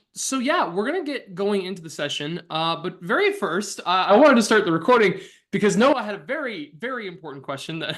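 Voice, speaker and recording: A man's voice: sits high, a bit bright. A man hosting as game master, upbeat and chatty, with plenty of "uh" fillers. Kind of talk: casual chat hosting a tabletop game.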